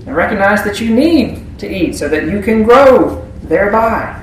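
A man's voice: sits high, lively intonation, a little slow, far from the mic, a little hiss or hum. A man preaching a sermon in a conversational way, often asking the congregation questions. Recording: very echoey room.

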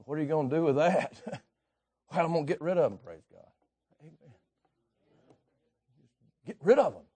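A man preaching a sermon, telling stories with folksy asides and swinging from quiet remarks to shouts. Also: fairly high pitch, lively intonation, normal speed, husky.

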